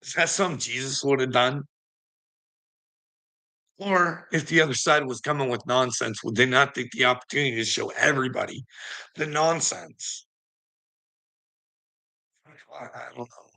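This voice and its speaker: A man with a gravelly, fried edge to his voice and a bright, forceful tone rants to his viewers. He talks bluntly and indignantly, with heavy swearing in a loose monologue. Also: medium pitch, normal speed, long pauses, poor audio. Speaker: vlogger. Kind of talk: profane ranting monologue.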